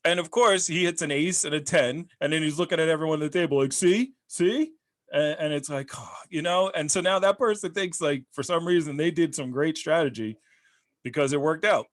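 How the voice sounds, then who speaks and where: A man hosting a podcast, telling stories in a rambling, animated way during casual chat. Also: on the high side, a little fast.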